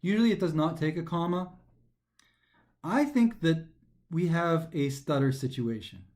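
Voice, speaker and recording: A man teaching a recorded grammar lesson for a test, talking animatedly and slowing down to stress the pauses as he reads sentences aloud, sometimes tripping over his words. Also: a little high. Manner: animated, emphatic, slows down to stress pauses when reading aloud. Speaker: test prep instructor.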